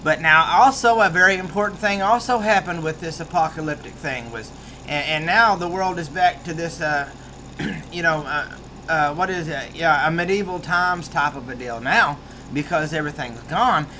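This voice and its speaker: A man's voice: a little high, moderate pace, pushed and bright, a little hiss or hum. A man with a rural American accent giving a casual book review, rambling with many restarts.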